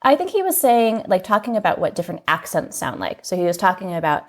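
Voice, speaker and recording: An American magazine editor guesting on a podcast speaks in a notably low-pitched, sing-song, fast voice. In this interview she tells her story candidly and reflectively, sounds earnest throughout, and often slips "like" into her sentences.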